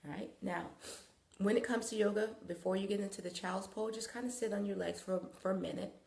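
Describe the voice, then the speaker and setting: A woman hosting a live wellness talk and guiding yoga, coaching calmly and rambling loosely with many fillers, on a phone mic. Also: mid-range voice, a little fast, vocal fry. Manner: calm, coaching guidance. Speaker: wellness host and yoga guide. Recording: echoey room.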